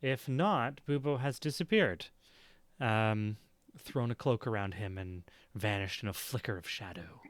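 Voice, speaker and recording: Man as game master, smooth clear voice, dry close sound, chatty narration. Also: lowish voice, measured pace, no echo. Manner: chatty, filler-heavy, upbeat. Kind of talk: running a tabletop game.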